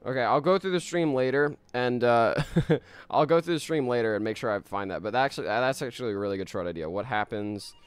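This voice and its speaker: A man's voice: medium pitch, fast, clean tone, dry recording. A man live-streaming a game, chatting casually, laughing often and reading chat messages aloud.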